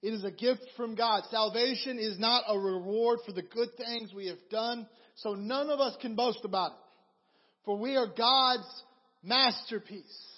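A man with a very high voice preaches a sermon, winding through animated stories and repeated phrases. The recording is dull, with a long reverb that fills the hall around him. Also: moderate pace, few pauses. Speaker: pastor.

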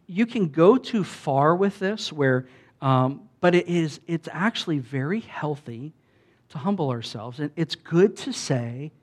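Animated, chatty male pastor preaching. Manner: conversational, acts out quoted voices with big pitch jumps. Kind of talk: sermon.

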